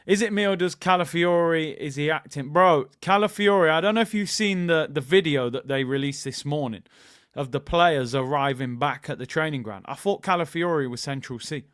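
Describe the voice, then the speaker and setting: A man's voice: fairly high pitch, normal speed, no room sound, studio quality. A young man from hosting a football channel, chatting casually with jokey banter and slang. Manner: animated, jokey, slangy banter with put-on voices. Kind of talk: casual live-stream chat.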